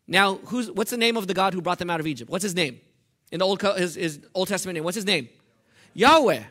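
A man preaching to his church in a high, bright voice. His delivery is animated and conversational, and he keeps putting questions to the congregation. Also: fast. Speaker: pastor. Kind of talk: sermon.

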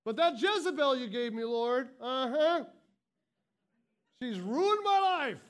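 A man's voice: extremely high pitch, lively intonation, slow, fairly bright tone, heavily acted. A man voicing a self-pitying grown man who blames others for his troubles, in a whiny, aggrieved way.

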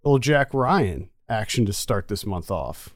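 A man co-hosting a casual movie review chat, talkative and quick to laugh. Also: on the low side, very animated, dry recording, studio quality. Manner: chatty, laughs easily. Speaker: podcast co-host.

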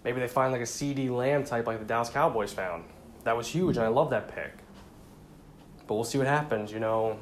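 A man's voice: medium pitch, brisk, a little hiss or hum. A man casually giving football predictions in a conversational way, often repeating his points and saying "you know.". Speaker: sports commentator.

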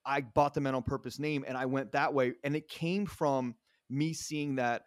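A man's voice: medium pitch, steady tone, moderate pace, no echo, clean studio sound. Earnest man rambling through a story. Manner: earnest, rambling, with frequent restarts. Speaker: podcast guest. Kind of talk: casual conversational storytelling.

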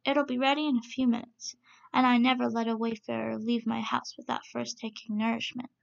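A sly male rabbit from a children's storybook, polite and smug as he plots against his customers, read by a woman. The voice sits fairly high with a heavy gravelly crackle. The recording is dull and lo-fi. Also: level tone, a little fast. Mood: courteous.

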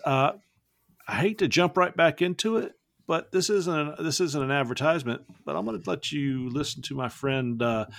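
A man's voice: mid-range voice, gravelly, fairly bright tone, no room sound, clean studio sound. A man hosting a casual podcast, joking and rambling, laughing easily. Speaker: podcast host.

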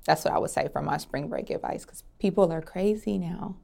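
Laid-back young woman with a gravelly edge. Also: sits low, fairly quick, a little mellow. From Atlanta, Georgia. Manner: easygoing, laughs often, drawls "honey". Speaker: interview guest. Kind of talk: relaxed sit-down interview answers.

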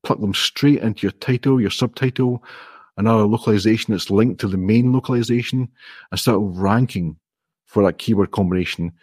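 A man's voice: lowish voice, a little fast, darkish tone, husky, dry recording, clean studio sound. A man, an indie app developer, explaining his approach step by step in a friendly, modest way during a casual interview.

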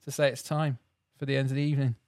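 A man's voice: mid-range voice, little pitch movement, rapid-fire, very noisy. A man hosting a podcast, upbeat and jokey, laughing often. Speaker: podcast host. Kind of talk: casual chat.

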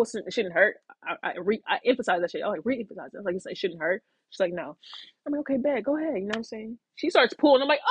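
Rambling woman podcast host, husky. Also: mid-range voice, no room sound, rough recording. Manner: rambling, frequent fillers and restarts, acts out quotes. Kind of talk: casual storytelling monologue.

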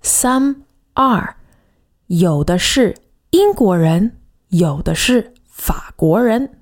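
A woman co-hosting a podcast language lesson, explaining clearly and saying example words slowly. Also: mid-range voice, expressive. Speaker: language teacher.

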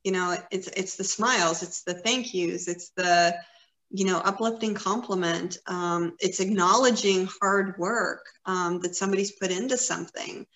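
A woman's voice: on the low side, fairly even intonation, moderate pace, fairly bright tone. Fifties woman, earnest chatty podcast co-host, encouraging; echoey room. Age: 50s. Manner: earnest, encouraging, rambling with fillers. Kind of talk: casual conversation. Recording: roomy echo.

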